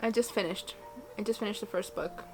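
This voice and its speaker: A woman's voice: medium pitch, fairly quick, over loud music. A young woman in her twenties chatting casually on a book vlog from her reading corner at home, gushing and emotional. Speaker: book vlogger.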